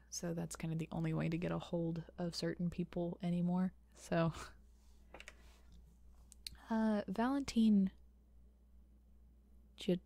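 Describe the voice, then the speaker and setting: Soft-spoken Southern woman, gravelly and hushed. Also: lowish voice, no echo. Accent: softened Southern US. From American South. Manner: soft, partly whispered, hesitant with many fillers. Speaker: ASMR channel host. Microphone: close microphone.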